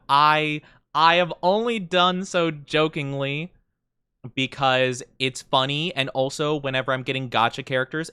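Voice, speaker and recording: A man's voice: mid-range voice, bright, forceful tone, smooth, dry recording. A young man streaming, chatting casually and reading chat aloud in a playful, mock-offended way with lots of fillers.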